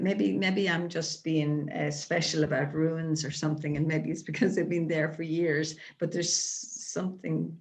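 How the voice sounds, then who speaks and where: A woman's voice: low-pitched, a little mellow. A woman taking part in an online discussion, speaking with feeling and often restarting her sentences. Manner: impassioned, hesitant restarts. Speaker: participant. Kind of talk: casual discussion.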